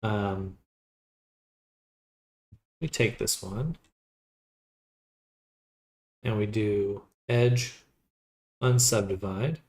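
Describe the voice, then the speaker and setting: A man casually thinking aloud with pauses while he works live on a 3D model. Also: fairly low pitch, a little mellow. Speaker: 3D modeling streamer. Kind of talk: casual live-stream commentary while working.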